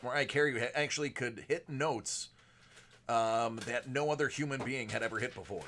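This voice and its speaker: A man hosting a live card-break stream, chatting casually with viewers and moving between a projected announcer voice and a softer everyday voice. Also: medium pitch, normal speed, a little hiss or hum. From United States. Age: adult with a young son. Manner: chatty, answers viewers by name.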